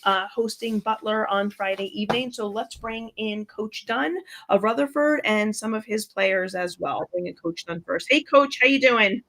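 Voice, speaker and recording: A woman co-hosting a sports talk show, introducing guests and moving things along briskly. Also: medium pitch, a bit bright. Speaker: show co-host.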